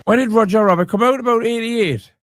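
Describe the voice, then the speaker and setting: A man's voice: very high-pitched, a little fast, slight background noise. A man in his forties giving mocking comedy commentary over a video, full of dry, sarcastic asides. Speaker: commentary host.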